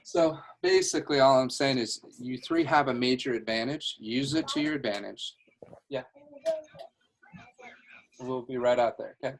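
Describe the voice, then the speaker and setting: A man's voice: mid-range voice, normal speed, long pauses, a little hiss or hum. A man coaching a sales team on a video call from home, upbeat, laughing easily and restarting his phrases, talking into a headset.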